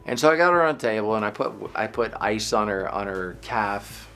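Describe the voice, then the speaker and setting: A middle-aged man, a bodywork practitioner, telling a story in a casual, animated way, often repeating words and restarting. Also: lowish voice, a little fast, faint music behind.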